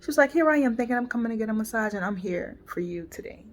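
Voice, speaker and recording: A woman in her forties talking through a painful family rift in a personal vlog, emotional and halting, often restarting and trailing off softly. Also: fairly high pitch, animated, faint music behind.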